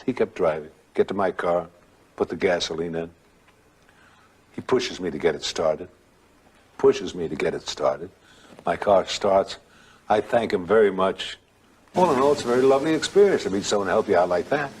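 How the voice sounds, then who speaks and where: Older male storyteller, very deep and husky, rambling delivery with dramatic pauses; a spoken ghost tale told from memory. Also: expressive.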